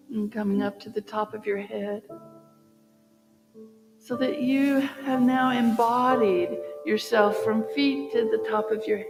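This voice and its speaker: A woman minister leading a guided meditation in a church, speaking slowly and soothingly. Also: on the high side. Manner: slow, soothing, rising to celebratory. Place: church sanctuary. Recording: long church reverb with music behind.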